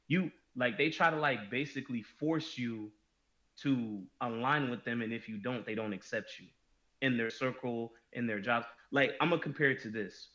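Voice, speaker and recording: A man's voice: medium pitch, normal speed, bright, forceful tone. Emphatic man on a dull, lo-fi podcast. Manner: emphatic, restarts sentences often. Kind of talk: casual podcast discussion.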